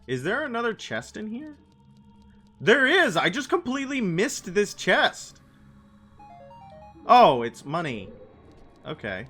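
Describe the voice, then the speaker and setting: Young male streamer, bright tone, slow unhurried delivery, rambling chat with viewers. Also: sits high, huge pitch swings, faint music behind. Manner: meandering, answers chat messages aloud. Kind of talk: casual gaming livestream chat.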